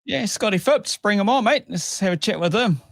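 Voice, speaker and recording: A man's voice: high-pitched, expressive, fairly quick, creaky, no echo, studio quality. A man hosting a casual livestream chat, upbeat and matey, calling people mate and bro. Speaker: host.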